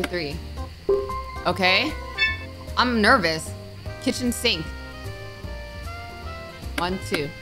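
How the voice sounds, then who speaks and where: A woman streamer playing a horror game, reading the on-screen text aloud, muttering item names and letting out jumpy, frightened exclamations. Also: mid-range voice. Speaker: gaming streamer. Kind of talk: let's-play commentary.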